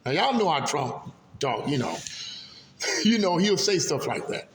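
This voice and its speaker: A man's voice: very animated, measured pace. A man giving casual political commentary for his video channel, talking in an impassioned, rambling way and repeating himself. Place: hallway. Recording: echoey hallway, faint rumble.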